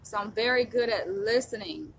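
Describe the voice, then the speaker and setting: A woman in her thirties from the United States, talking to camera in a rambling, animated vlog monologue with frequent laughs. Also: on the high side, moderate pace, slight background noise, low-quality recording. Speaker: vlogger.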